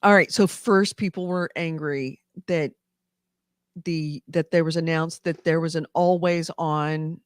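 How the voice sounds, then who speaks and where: A man's voice: on the high side, fairly even intonation, measured pace, clear, resonant tone, no room sound, clean studio sound. A man from California co-hosting a casual gaming news podcast, rambling with many fillers and restarts. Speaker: podcast co-host.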